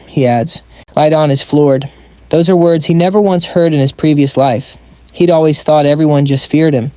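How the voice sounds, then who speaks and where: A man narrating a comic story recap in a brisk, wry storytelling manner with playful asides. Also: a little high, mellow, dry recording.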